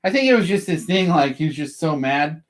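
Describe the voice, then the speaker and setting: A man's voice: on the high side, expressive, fairly quick. A man who works as a process server tells work stories in a loose, rambling way, with lots of "like" fillers. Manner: laid-back, rambling, heavy "like" fillers. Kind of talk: casual storytelling.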